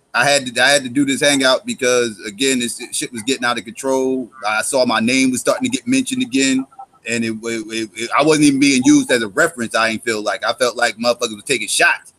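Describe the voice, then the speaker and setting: A man's voice: mid-range voice, steady tone, bright, forceful tone, no echo. A man hosting an online show, speaking hesitantly with many restarts. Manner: hesitant, halting, restarts often. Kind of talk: casual chat.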